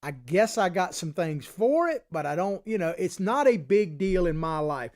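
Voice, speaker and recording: A man's voice: high-pitched, very animated, moderate pace, a little mellow. A man from Florida with an old Southern Florida cracker accent, hosting a live political talk show in a folksy, chatty way.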